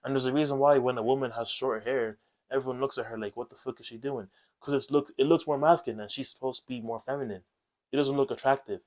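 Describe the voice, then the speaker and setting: A man's voice: medium pitch, fairly even intonation, quick pace, a little mellow. Blunt man coaching. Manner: blunt and coaching, with frequent "okay?" tags and casual swearing. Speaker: self-improvement video host. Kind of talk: direct-to-camera advice monologue.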